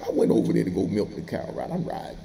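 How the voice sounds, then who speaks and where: A man's voice: on the low side, lively intonation, fast talker, vocal fry, mellow, slight background noise. A middle-aged man telling prison stories in a casual, streetwise way, laughing as he goes. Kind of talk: casual storytelling monologue.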